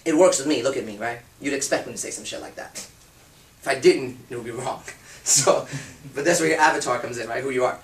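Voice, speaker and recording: A man's voice: mid-range voice, lively intonation, brisk, recorded from a distance. A man giving a live seminar talk to an audience, blunt and emphatic, swearing freely. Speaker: seminar speaker. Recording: roomy hall, speaker off-mic.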